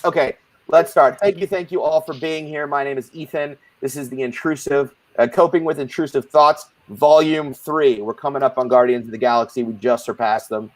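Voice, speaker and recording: A man's voice: medium pitch, steady tone, moderate pace. A man hosting and moderating a live support group panel in a playful, rambling, jokey way.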